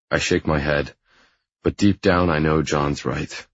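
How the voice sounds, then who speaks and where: A man narrating a first-person audiobook in a low, intimate, even reading style. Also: unhurried, no echo, muffled recording.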